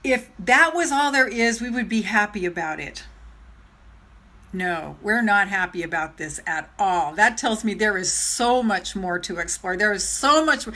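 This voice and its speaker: An older woman talks straight to her viewers with a bright, forceful voice pitched a little high. She is emotional and animated, repeats her phrases, and her voice trembles as she goes. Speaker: self-love coach. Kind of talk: live-stream vlog talk.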